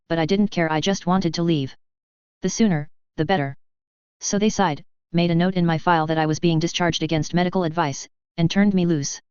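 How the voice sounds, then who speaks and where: Smooth, dry audiobook narrator. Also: mid-range voice, darkish tone, dry recording, highs cut off. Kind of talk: scripted fanfiction narration.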